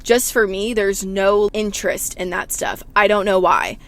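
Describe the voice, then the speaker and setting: A woman's voice: mid-range voice, fairly even intonation, a little slow, a bit bright. A young woman from the Southern United States telling a casual, rambling vlog story, full of swearing and fillers. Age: young adult. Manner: rambling, profane, filler-heavy. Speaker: vlogger.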